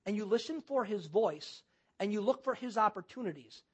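High-voiced male pastor preaching. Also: animated, normal speed, breathy edge. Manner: preaching with rhetorical questions and repetition. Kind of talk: sermon.

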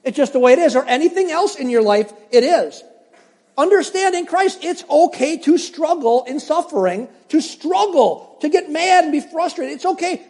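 A man's voice: very high voice, long reverb tail. An older man preaching a sermon as pastor, emphatic and repeating phrases for stress while addressing the congregation directly.

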